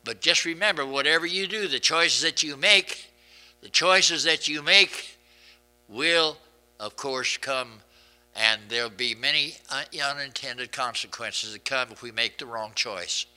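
A man's voice: medium pitch, unhurried, sharp tone, low-quality recording. A man preaching a sermon in an earnest, conversational way, often repeating and restarting his words.

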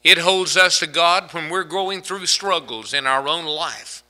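A man preaching a sermon, swinging between loud emphatic peaks and hushed low phrases, and slowing down to draw out quoted scripture. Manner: quotes scripture in slow, drawn-out delivery.

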